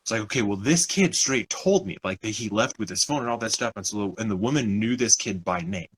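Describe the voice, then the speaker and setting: A man's voice: on the low side, expressive, brisk, slight background noise, poor audio. A young man co-hosting a podcast, telling a story in casual chat, acting out other people's lines and swearing often. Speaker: podcast co-host.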